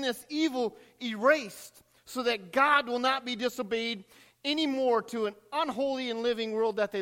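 A man preaching a sermon as pastor, swinging between rising cries and hushed drops, recorded in a church sanctuary. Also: very high-pitched, in a large hall.

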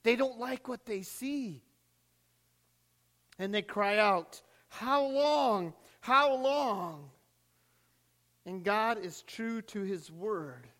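A man preaching a sermon as pastor, swinging between rising cries and hushed drops, recorded in a church sanctuary. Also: sits high, long reverb tail.

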